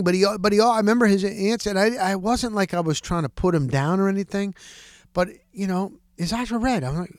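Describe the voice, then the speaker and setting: A man hosting a podcast, telling sports-reporting stories in a casual, animated way and acting out the dialogue. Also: sits high, fairly quick, no room sound, clean studio sound. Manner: animated, acts out quoted dialogue. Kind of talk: casual storytelling.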